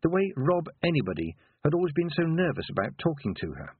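A man reading a novel aloud as an audiobook narrator, with expressive storytelling and dramatic pauses. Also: fairly high pitch, breathy edge. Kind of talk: scripted narration. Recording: tinny, phone-like narrow sound.

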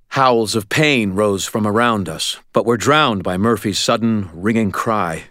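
A man narrating a first-person audiobook in a steady, dramatic way, recorded close on a studio mic. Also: deep voice, dry recording.

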